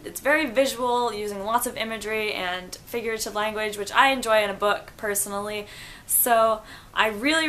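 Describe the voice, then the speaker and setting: A woman's voice: mid-range voice, pushed and bright. A young woman chatting enthusiastically in a casual book review vlog, musing aloud about the story.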